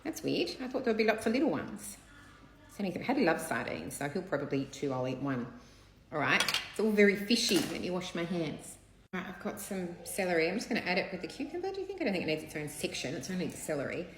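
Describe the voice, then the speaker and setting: Chatty woman, lowish voice. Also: big pitch swings, fast talker. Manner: chatty, gossipy, candid, occasional swearing. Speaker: vlogger. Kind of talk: casual chat while cooking. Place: home kitchen. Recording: echoey room, faint background noise. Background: children splashing in a bath.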